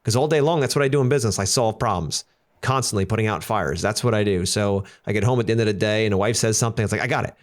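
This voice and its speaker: Here is a man with a fairly low voice who talks fast as he hosts a relaxed podcast chat. His stories are candid and jokey, and he keeps tossing in quick asides. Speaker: podcast host and business owner.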